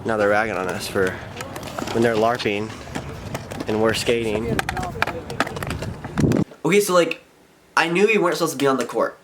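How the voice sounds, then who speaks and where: A young man at a mid pitch vents to camera in a loose, rambling rant. He sounds frustrated and keeps tripping through his sentences. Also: normal speed, long pauses, heavy background noise. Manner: frustrated rambling, heavy filler "like". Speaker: vlogger and skater. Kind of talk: casual ranting vlog.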